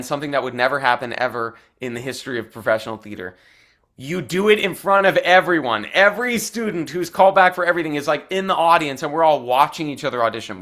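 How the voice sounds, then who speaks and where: A young adult man from Arizona, an actor telling stories as a guest, animated and chatty with lots of "like" fillers. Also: mid-range voice. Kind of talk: casual storytelling in interview.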